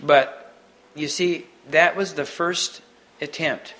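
A man giving an unscripted sermon to a Mennonite congregation, halting often and restarting his sentences. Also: fairly high pitch, steady tone, fairly bright tone, low-quality recording. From Mennonite community. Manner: halting, many restarts and repeated words. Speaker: preacher.

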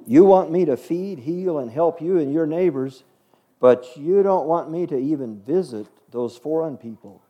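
A man voicing a gentle, patient male teacher figure in a told story, asking soft questions. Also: a little high, expressive, moderate pace, muffled recording.

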